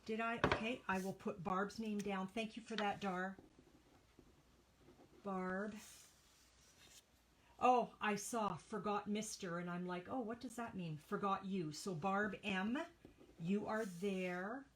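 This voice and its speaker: A woman's voice: mid-range voice, fairly even intonation, takes it slowly, long pauses, a little hiss or hum, poor audio. A woman hosting a live papercraft stream from her home studio, chatting casually with viewers, reading out their names, with a tickle in her throat that makes her cough. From Canada. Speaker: papercraft livestream host.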